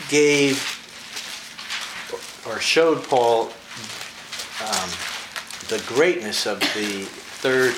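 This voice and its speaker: A man teaching the Bible in a relaxed, conversational way, often chuckling and reading verses slowly with emphasis. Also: mid-range voice. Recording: echoey room with faint ambient noise.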